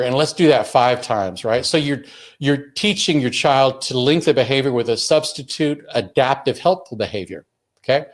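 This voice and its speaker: A man's voice: medium pitch, moderate pace. A man presenting an instructional talk on handling emotions, earnest and explaining step by step with frequent restarts. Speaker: webinar presenter on emotional learning.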